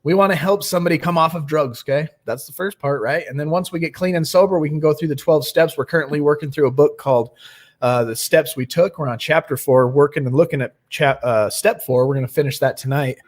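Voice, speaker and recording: A man's voice: on the high side, fast. A young man hosting a nightly recovery livestream, chatting casually and greeting viewers by name.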